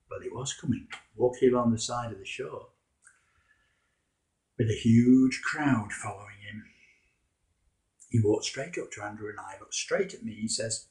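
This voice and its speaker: A man's voice: mid-range voice, measured pace, pauses often, darkish tone. A man telling a story in the first person as a fisherman disciple, in a wry, conversational, self-mocking way.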